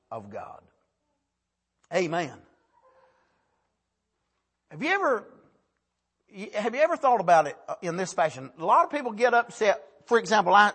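High, bright-voiced impassioned male preacher. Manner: impassioned, drawn-out emphasis, rising to shouts; calls out "Amen" between points. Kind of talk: sermon.

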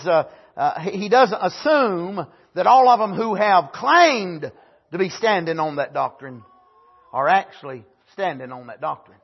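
A man preaches a sermon in a high, husky voice. He leans on every point with "amen," climbing to near-shouted emphasis before settling into quiet teaching. The church recording sounds dull and lo-fi. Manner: emphatic, punctuates phrases with "amen"; swings from raised, near-shouted emphasis to low, quiet explanation.

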